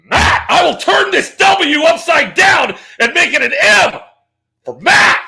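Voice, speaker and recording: A man doing a comic impression of a brash, boastful wrestling-promo ranter, bellowing and scolding with a gravelly shout. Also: extremely high pitch, very animated, a little slow, exaggerated voice.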